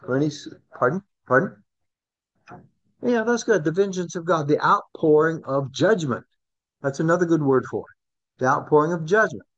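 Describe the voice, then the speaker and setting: A man teaching a Bible class in a conversational way, asking his listeners questions and rising in pitch to stress key words. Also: lively intonation, moderate pace, lo-fi sound.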